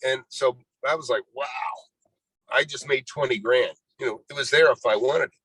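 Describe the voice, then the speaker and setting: In a storytelling interview, a man in his sixties who invests in real estate recounts his life in a rambling fashion, often saying "you know" and acting out conversations. His mid-range voice is fairly bright and slightly rough, and he keeps a moderate pace. The audio is poor, with no room sound.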